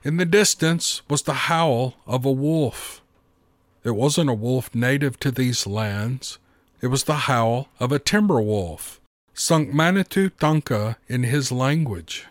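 Steady male storybook narrator. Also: medium pitch, takes it slowly, dry recording.

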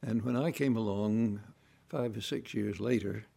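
An older man reminiscing about his childhood in a relaxed, anecdotal storytelling way, now and then acting out voices and sounds. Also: on the low side, measured pace, creaky. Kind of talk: unscripted reminiscing monologue.

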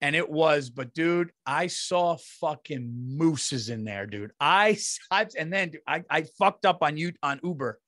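A man's voice: fairly high pitch, animated, a little slow, hardly any pauses, a bit bright, no room sound, clean studio sound. A man and comedian hosting a podcast, telling rambling, profane stories in casual chat.

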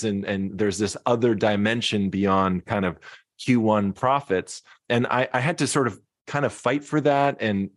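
A man's voice: lowish voice, no echo, studio quality. A man, a podcast guest speaking reflectively with frequent restarts. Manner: reflective, many restarts and soft fillers. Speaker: podcast guest, singer-songwriter and keynote speaker. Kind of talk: conversational podcast interview.

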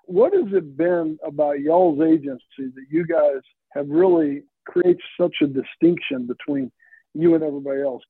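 Guy hosting, gravelly husky voice, sounds like a phone line. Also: on the high side, normal speed, dry recording. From Texas. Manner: storytelling, animated quotes. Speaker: host. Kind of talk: casual interview chat.

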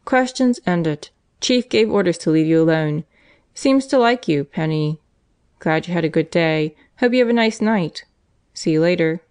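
A woman's voice: on the low side, animated, moderate pace, a little mellow, smooth, dry recording, lightly acted. Woman doing a clipped, blunt male detective. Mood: easygoing.

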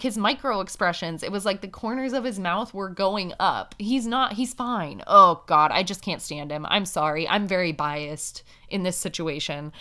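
A woman's voice: medium pitch, pushed and bright. A woman hosting a casual recap commentary, talking candidly and chattily with lots of "like" and little laughs at her own points. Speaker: podcast host recapping a reality show. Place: indoors, street sirens nearby.

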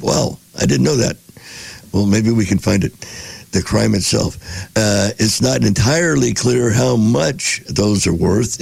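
Male podcast host, husky and raspy, reads then riffs with wisecracks. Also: fairly low pitch, darkish tone, no room sound. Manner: reads passages then jokes and reacts. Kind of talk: casual reading aloud with commentary.

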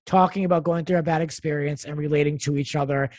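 A podcast co-host chatting casually and giving opinions with quick asides. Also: mid-range voice, fairly even intonation, darkish tone, no echo. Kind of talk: casual chat recapping reality TV.

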